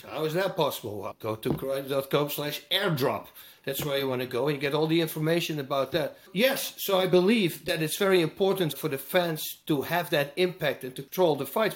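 Lively, emphatic man with roots. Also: fairly high pitch. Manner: lively, emphatic, acts out quotes with sound effects. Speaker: guest. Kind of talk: animated storytelling interview.

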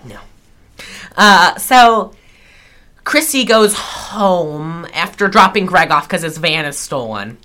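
A woman's voice: fairly low pitch, expressive, takes it slowly, pushed and bright. A woman co-hosting a podcast, joking and teasing in a casual movie-recap chat. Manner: joking, teasing, breaks into celebrity impressions. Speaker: podcast co-host.

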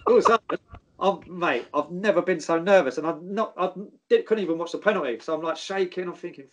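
A man, a former footballer, telling animated anecdotes and swearing freely. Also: on the high side, fairly quick. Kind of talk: casual storytelling.

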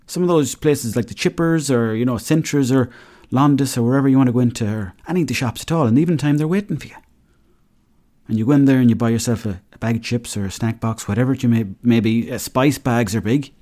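A man's voice: mid-range voice, warm tone. A man in his thirties with an Irish accent, hosting a solo podcast in a loose, joking, rambling way. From Ireland. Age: 30s. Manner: rambling, joking, acts out little dialogues. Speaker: podcast host. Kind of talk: casual solo podcast monologue.

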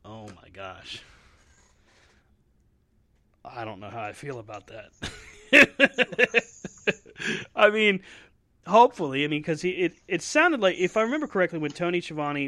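A man's voice: fairly high pitch, sing-song, measured pace, long pauses, pushed and bright. A man co-hosting a casual wrestling podcast, chatty and laughing often, with hiccups. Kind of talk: casual chat.

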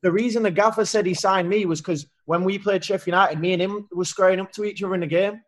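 A man's voice: sits high, steady tone, quick pace. A man with a broad Yorkshire accent in a casual podcast chat, easygoing and matey, calling everyone "mate". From England (Leeds). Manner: laughing, matey, peppers talk with "mate". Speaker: footballer guest on a podcast.

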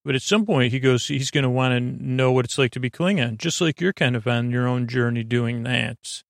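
A man hosting a podcast, giving a sleepy bedtime recap of a TV episode in a rambling, halting way with lots of fillers. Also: medium pitch, gravelly, no room sound, studio quality. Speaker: podcast host.

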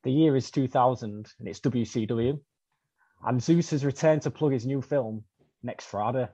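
A man, podcast co-host, narrating a comic story in a deadpan, hesitant way. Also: mid-range voice, moderate pace, husky. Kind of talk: comedic storytelling. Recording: dull dry recording.

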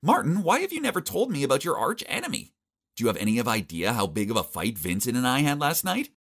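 A man's voice: fairly low pitch, big pitch swings, normal speed. A man voicing a confident, strong-willed teenage girl who speaks firmly and with exasperation in a storybook tale. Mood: indignant.

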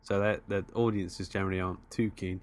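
Podcast co-host, male, lower-pitched; laid-back and teasing in casual conversation. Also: level tone, brisk. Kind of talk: casual chat.

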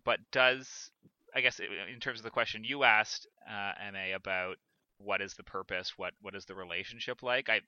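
Guy on a podcast, very bright crisp voice, lots of uhs and restarts, dull dry lo-fi sound. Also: lowish voice, fairly even intonation, normal speed, dry recording. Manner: hesitant, many restarts and fillers. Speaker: podcast co-host. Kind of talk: casual theatre discussion.

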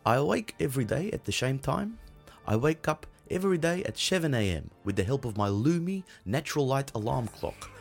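A man voicing a brutish, self-important Dutch father with a Dutch accent, reading a spoof blog in a deadpan, pompous way. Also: mid-range voice, fairly quick, gravelly, breathy edge, faint music behind, full character voice. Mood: deadpan boastful.

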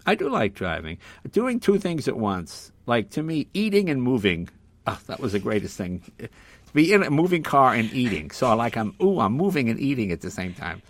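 An older man, a guest on an interview show, telling casual anecdotes in an animated way. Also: mid-range voice, moderate pace, no room sound. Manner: animated, loud when acting out quotes.

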